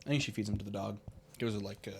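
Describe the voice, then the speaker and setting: A man's voice: fairly low pitch, very fast, vocal fry, a little hiss or hum. A young man co-hosting a podcast in crude, laughing casual chat, telling stories. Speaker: podcast co-host.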